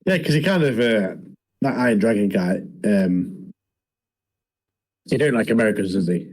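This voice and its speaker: A man co-hosting a podcast, recapping in a relaxed, rambling way. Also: fairly low pitch, moderate pace, poor audio. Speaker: podcast co-host. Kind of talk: casual chat, recapping episodes.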